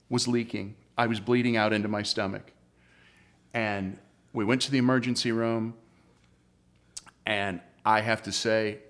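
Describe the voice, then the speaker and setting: A man, a comedian, telling a personal story in an interview with animated, joking delivery. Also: medium pitch. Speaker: comedian guest.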